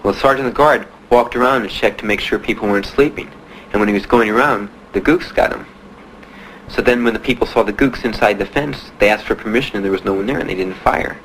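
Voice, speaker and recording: A young man, a veteran, telling his own story in plain, halting speech with many pauses. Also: lowish voice, fairly bright tone, a little hiss or hum, low-quality recording. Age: young adult. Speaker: Vietnam veteran giving testimony. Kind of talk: personal testimony.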